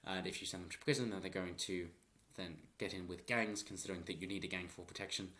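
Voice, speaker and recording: A man's voice: low-pitched, steady tone, fast, pushed and bright. A man giving rambling, opinionated political commentary in a vlog and chuckling often.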